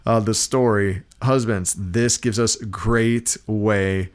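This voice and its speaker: Midwestern man, 30s, low-ish voice, upbeat jokey podcast co-host. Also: fairly even intonation, slow, clear, resonant tone. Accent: Midwestern American. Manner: upbeat, joking, reads Bible verses aloud. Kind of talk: casual Christian marriage podcast chat.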